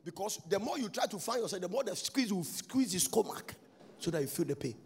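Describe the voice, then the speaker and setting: Gravelly high-voiced preacher man. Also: very animated, fairly quick. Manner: preaching with sudden shouts and sing-song lines. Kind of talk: sermon.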